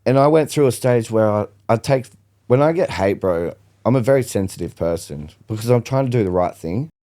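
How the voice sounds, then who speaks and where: A man's voice: lowish voice, animated, fairly quick, dark tone. A young man, a podcast guest, telling his story bluntly and with lots of swearing in casual chat.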